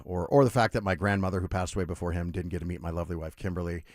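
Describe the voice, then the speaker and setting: A man's voice: sits low, racing, dry recording. A man hosting a sports radio show, telling stories casually and animatedly with lots of asides, on a studio microphone. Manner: animated storyteller, lively with asides. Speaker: radio sports talk host.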